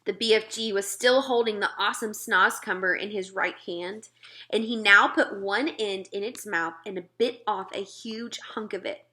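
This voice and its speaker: A woman teacher reading a children's book aloud, with calm, even narration. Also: mid-range voice, normal speed.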